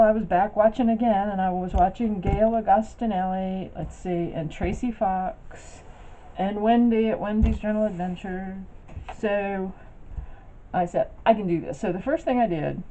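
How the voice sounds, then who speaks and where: A craft vlogger with a mid-range, dark-toned voice chats unhurriedly while showing her craft projects to the camera. The casual show-and-tell rambles, full of fillers and restarts, and the recording sounds dull and lo-fi with faint noise.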